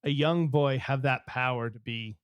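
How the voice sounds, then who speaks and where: A man's voice: medium pitch, moderate pace, clear, resonant tone, dry recording. A man co-hosting a casual podcast, rambling with many fillers and restarts as he thinks aloud. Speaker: podcast co-host. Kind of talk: casual chat.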